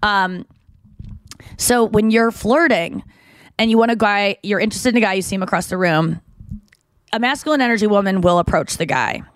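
A young woman co-hosts a podcast in casual chat, telling candid, crude stories and acting out what people said. Her voice is medium-pitched at a normal speed, with frequent pauses, on a dry recording.

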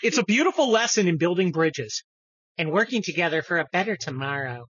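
Profane, lively-voiced male podcast host. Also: high-pitched, brisk, slightly rough, no room sound, highs cut off. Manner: profane, mocking, jumps between topics. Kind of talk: casual ranting chat.

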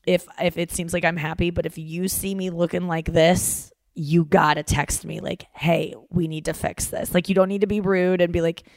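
On a dry recording, a woman in her thirties with a lowish voice speaks at normal speed with few pauses. Hosting a relaxed podcast, she tells lively stories laced with fillers and acted-out dialogue.

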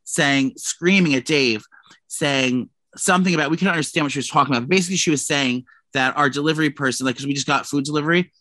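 A man's voice: fairly high pitch, fast talker, pushed and bright, dry recording. A man co-hosting a casual gossip podcast, telling a profane, rambling story full of restarts. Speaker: podcast co-host.

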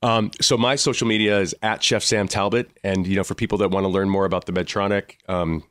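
A man in his forties, a guest chef talking in a relaxed, rambling way in a casual interview. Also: lowish voice, a little fast, no room sound, studio quality.

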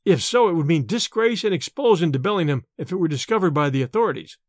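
A male storyteller reading a horror tale with lively, rising and falling pitch. His voice sits high for a man. The recording is close and dry. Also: quick pace, no room sound. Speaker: narrator. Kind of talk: scripted audiobook narration.

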